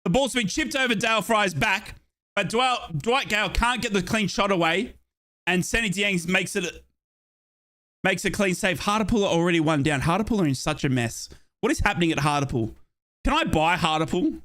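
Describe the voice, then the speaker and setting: A young Australian man provides live play-by-play of a football match for his fans as a fan commentator on a watchalong. He's chatty and excitable with playful asides, speaking at a normal speed in a slightly high, bright, forceful voice.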